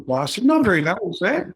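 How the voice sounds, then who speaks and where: Guest, man in his 60s, animated raconteur, does voices in his stories. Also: high voice, a little fast, breathy edge. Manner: jokey, animated storyteller acting out quoted voices. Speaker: podcast guest. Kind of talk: casual storytelling.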